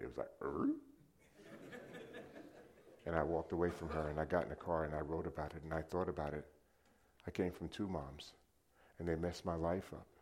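A middle-aged man delivers a sermon in a deep, low voice. He tells a personal story, calling out loudly to the congregation one moment and dropping to a hushed tone the next. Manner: storytelling with shifts from loud to hushed. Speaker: preacher.

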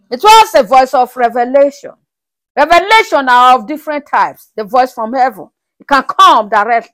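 Woman preacher, high lively voice, slow unhurried delivery, sermon with Bible reading and rhetorical checks on the congregation. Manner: breaks into laughter and praise between verses.

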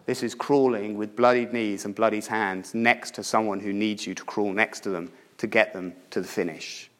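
A man preaching a sermon, telling a story emphatically and swinging between loud urging and hushed tones. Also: on the low side, fairly even intonation, moderate pace. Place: church. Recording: reverberant church hall.

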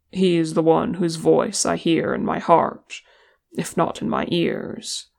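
A reader voicing a gruff, teasing male dwarf warrior who is tired and speaks bluntly, with a grumbling manner. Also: mid-range voice.

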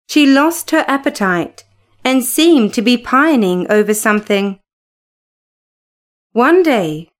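A woman narrating a classic novel as an audiobook, in a calm and measured way. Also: high voice.

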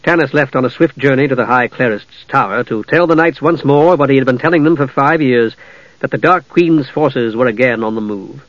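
Male audiobook narrator, measured and even, mid pitch, dull dry recording. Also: dry recording. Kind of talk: scripted narration.

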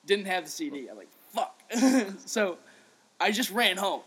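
A young man co-hosting a podcast, telling a story in casual chat, animated, swearing freely and acting out what people said. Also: sits high, a little slow, slightly rough. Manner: animated, swears freely, acts out quotes, laughs often. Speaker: podcast co-host.

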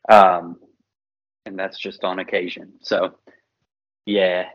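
A man co-hosting a podcast in casual chat, talking in a relaxed, explanatory way with frequent ums. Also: low-pitched, slow, dull audio. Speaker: podcast co-host.

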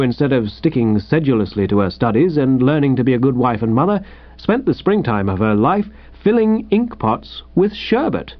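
A man's voice: mid-range voice, no room sound. Man narrating a comic tale with bounce. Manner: animated, playful storytelling. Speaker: audiobook reader. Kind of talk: comic first-person narration. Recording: dull lo-fi recording.

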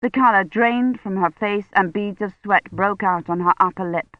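A woman narrating an audiobook in a measured, even storytelling manner. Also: mid-range voice, no echo. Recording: dull dry recording.

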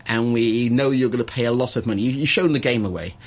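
A man who works as an auctioneer, chatting as a guest on a radio show and breaking into a fast rhythmic bid-calling chant. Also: medium pitch. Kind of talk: radio studio chat with live auction chant. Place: radio studio.

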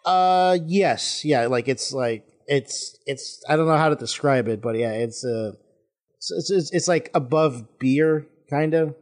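Laid-back man, halting casual talk. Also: a little high. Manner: hesitant, many restarts and fillers, laid-back. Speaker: podcast co-host. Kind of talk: casual chat about a manga chapter.

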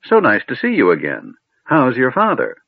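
A man's voice: mid-range voice, very animated, normal speed, husky, no echo, voice pushed up. A man voicing a befuddled old male wizard, stern yet doddering, who swings from stern to absent-minded chatter. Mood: cheery. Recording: narrow phone-like sound.

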